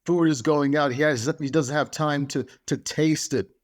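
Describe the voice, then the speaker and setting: A man's voice: fairly high pitch, steady tone, moderate pace. A man giving a motivational podcast talk, speaking emphatically and driving his points home through repetition.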